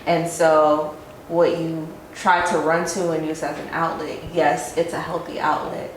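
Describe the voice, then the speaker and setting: A woman's voice: low-pitched, little pitch movement, measured pace. A woman hosting a podcast, affirming and earnest as she speaks about faith and healing. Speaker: podcast host. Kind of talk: encouraging spiritual conversation. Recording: roomy sound with faint noise.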